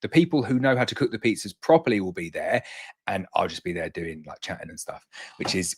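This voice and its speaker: A man's voice: fairly quick, a little hiss or hum. A man hosting a beekeeping livestream, chatting casually and reading out viewer comments with a rambling, friendly flow. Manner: chatty, rambling, jumps up in pitch to read out names.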